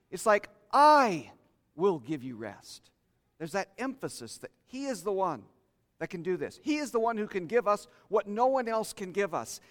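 High-voiced preacher in a reverberant hall. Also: male voice. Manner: conversational, invites congregation to share. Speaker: pastor. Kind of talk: interactive sermon.

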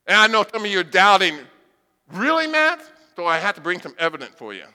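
A man's voice: high voice, racing, clear, resonant tone, long reverb tail. A blind man preaching a sermon, telling humorous stories and acting out voices. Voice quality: blind speaker. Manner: humorous, animated storytelling with acted-out voices. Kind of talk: sermon with storytelling.

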